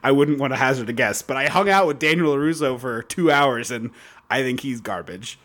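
A man's voice: medium pitch, lively intonation, fairly quick, a bit bright. A man co-hosting a casual movie-review podcast, riffing sarcastically and laughing often. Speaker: podcast co-host.

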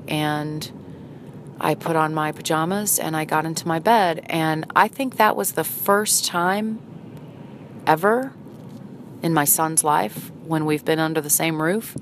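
A middle-aged woman telling a personal story in a halting, hesitant, earnest way. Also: deep voice, fairly even intonation. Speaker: vlogger. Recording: noisy, with vehicle sounds behind.

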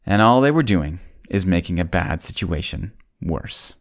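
A man narrating a Bible story for children, folksy and speaking straight to the kids, slowing down and dropping his voice on solemn points. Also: big pitch swings. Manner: slows down and drops low on solemn points.

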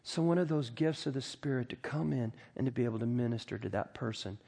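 A middle-aged male pastor delivering a sermon with an earnest, emphatic push. His voice is gravelly with a husky edge, sitting at an ordinary pitch. He often restarts and stumbles over words as he preaches. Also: fast, warm tone.

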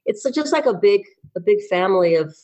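A woman actor as a guest in a casual interview, talking in a chatty, lively way with many restarts and laughs. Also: mid-range voice, fairly quick, muffled recording.

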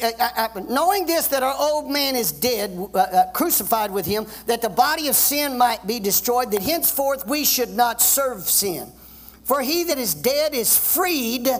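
A pastor preaching a sermon with emphasis, reading scripture and having the congregation repeat phrases after him. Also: male voice, very high-pitched, a bit bright. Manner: reads scripture aloud and explains it.

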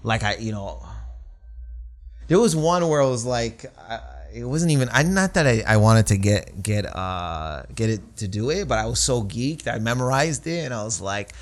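A man's voice: medium pitch, big pitch swings, normal speed. A man, a stand-up comic telling profane anecdotes in a casual podcast chat, laughing often and acting out quotes.

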